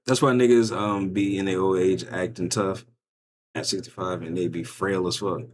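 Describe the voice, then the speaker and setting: A man's voice: deep voice, fairly even intonation, normal speed, a crowd in the background. A man giving loose, joking, slang-heavy commentary on video clips, often acting out what bystanders might be thinking. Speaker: reaction streamer. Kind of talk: casual commentary reacting to clips.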